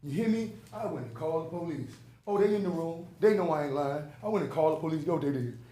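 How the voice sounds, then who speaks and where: A man with a drawl pleads at a public meeting, his voice swelling with preacher-like rhythm and rhetorical questions. His voice sits a touch high for a man. The hall around him rings with echo. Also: animated, fast, mellow. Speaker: public commenter. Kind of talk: impassioned public comment. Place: large council chamber. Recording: echoey council chamber.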